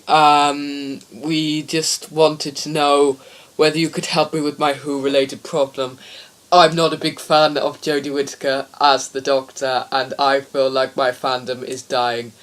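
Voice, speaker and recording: Brief: a man playing a nervous caller, high and flat, slow and halting. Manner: halting, stammering, high and strained. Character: fretful male fan calling in with a problem.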